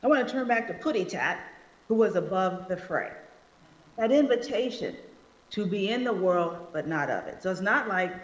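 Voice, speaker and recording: Woman guest preacher, mid-pitched, animated delivery, echoey church hall. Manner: animated, slows for emphasis, acts out quotes. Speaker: guest speaker. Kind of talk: sermon. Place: church sanctuary. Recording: echoey hall, slightly dull sound.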